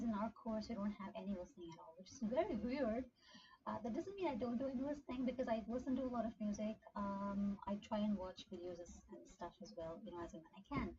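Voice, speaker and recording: A chatty woman talks through a beginner lesson in a loose, rambling way. Her voice sits at an ordinary pitch but comes through dull and lo-fi. A steady hiss of noise runs behind her. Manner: chatty, rambling with many fillers. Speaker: language tutor. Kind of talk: casual screen-share study session. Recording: dull lo-fi sound with clear background noise.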